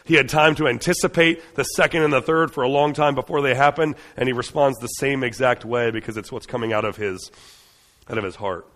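A man's voice: mid-range voice, fairly quick, fairly bright tone, big-room sound. A man preaching a sermon in an earnest, conversational way, often restarting his phrases.

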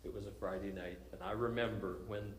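A man's voice: fairly low pitch, steady tone, fairly quick, reverberant, slight background noise, low-quality recording. A male pastor preaching a sermon, telling a story with animation and frequent chuckles.

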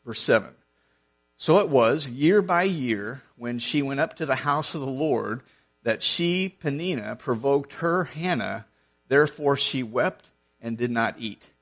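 A man's voice: mid-range voice, lively intonation, a little slow, a bit bright. A man preaching a sermon, reading scripture verse by verse and explaining it in an earnest, conversational way, often restarting his phrases.

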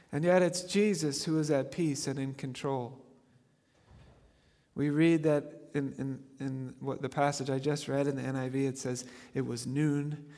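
A man's voice: medium pitch, fairly even intonation, unhurried, warm tone, long reverb tail. A man preaching a sermon, earnest and emphatic, pushing his voice up on key phrases. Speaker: pastor.

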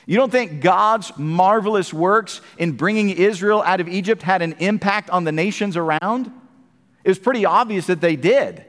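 High-pitched preacher man in a reverberant hall. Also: moderate pace, a bit bright. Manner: conversational, building to emphatic scripture reading. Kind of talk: sermon. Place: church service.

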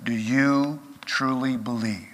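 A man preaching a sermon as pastor, earnest, rising to emphatic peaks and then dropping quiet. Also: mid-range voice, fairly even intonation, takes it slowly. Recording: long reverb of a large hall.

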